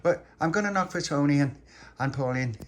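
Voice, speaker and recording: A man voicing an excitable little boy who chatters eagerly in a raised voice. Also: fairly high pitch, a little fast, voice pushed up, natural voice. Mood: excited.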